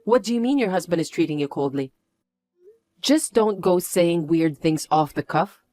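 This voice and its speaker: Weary, flat-toned woman narrator. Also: on the low side, normal speed, no room sound. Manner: flat, weary, dismissive replies. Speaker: narrator, first-person main character. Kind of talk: dramatized story narration.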